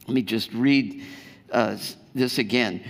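A man's voice: mid-range voice, slow pace, long reverb tail. A man preaching a sermon as pastor, in a conversational way, often putting questions to his congregation.

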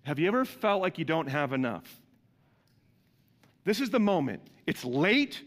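A man's voice: fairly high pitch, a little slow. Man preaching in a reverberant hall. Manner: animated, asks the congregation questions. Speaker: pastor. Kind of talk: sermon.

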